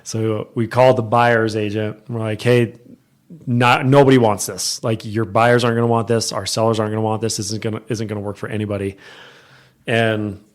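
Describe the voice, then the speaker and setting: A man's voice: fairly low pitch, brisk. A man co-hosting a podcast, casually telling a work story and acting out the people in it. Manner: animated, acts out quoted people. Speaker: real estate agent, podcast co-host. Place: podcast studio.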